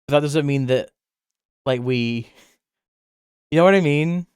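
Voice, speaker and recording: A British man chatting casually on a live stream, answering chat and rambling freely. He laughs often, and his voice jumps up when he gets excited. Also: a little high, takes it slowly, clean tone, dry recording, studio quality. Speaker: livestreamer.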